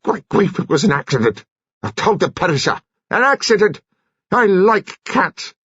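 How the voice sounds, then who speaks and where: A man reading an audiobook voices an awkward, bewildered middle-aged ex-navy commander who talks in a flustered, apologetic, halting way. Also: high-pitched, big pitch swings, fairly bright tone, husky, no echo, voice pushed up, full character voice. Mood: distressed. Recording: dull, muffled audiobook recording.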